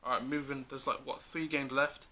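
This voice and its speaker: Bright-voiced man running football picks. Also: mid-range voice, level tone, moderate pace. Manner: leads the talk, quizzes his co-host, laughs often. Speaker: host. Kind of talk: casual football prediction chat.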